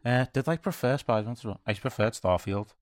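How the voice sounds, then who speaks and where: A man's voice: mid-range voice, lively intonation, no echo, clean studio sound. Sweary, blunt man on a podcast. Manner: blunt, sweary, quick retellings with laughter. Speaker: podcast co-host. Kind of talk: casual chat about video games.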